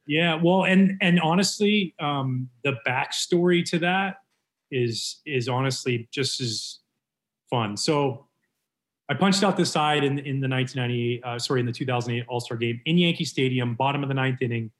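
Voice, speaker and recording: A man in his forties from Canada, a former pitcher telling a story in casual conversation with an animated, lively delivery. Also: moderate pace. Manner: animated, lively retelling with voiced quotes.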